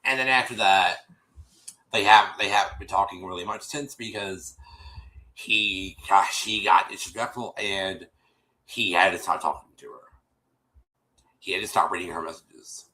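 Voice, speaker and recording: Man, casual stream host, rambling retelling, lots of restarts, bright voice. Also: sits low, a little slow, long pauses, low-quality recording. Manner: rambling, many restarts, addresses listeners as y'all. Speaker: show host recapping an episode. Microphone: streaming setup microphone.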